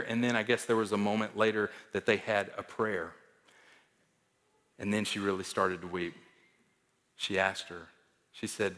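A man preaching a sermon as pastor, emphatic, swinging between loud declarations and hushed asides. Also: fairly low pitch, animated, normal speed, long reverb tail.

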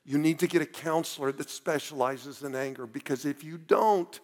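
A man's voice: fairly high pitch, moderate pace, darkish tone, long reverb tail. A man preaching a sermon as a pastor, talking earnestly and directly to his listeners, pleading with them.

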